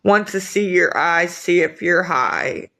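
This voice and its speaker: A woman chatting on a live stream, reading viewers' comments and asking for donations, weary and sighing, with halting restarts. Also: fairly low pitch, lively intonation, creaky, sharp tone, rough recording.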